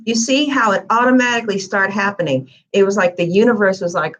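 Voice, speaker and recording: A woman's voice: medium pitch, fairly quick, fairly bright tone, dull audio. A woman giving a tarot reading in a casual, chatty live-stream manner with lots of fillers. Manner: chatty, conversational, frequent fillers. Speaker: tarot reader.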